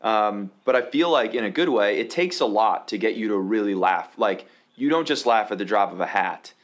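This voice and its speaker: A man in his thirties, a podcast co-host chatting casually, with halting fillers. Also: on the low side, expressive. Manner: warm praise, halting fillers. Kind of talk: casual chat.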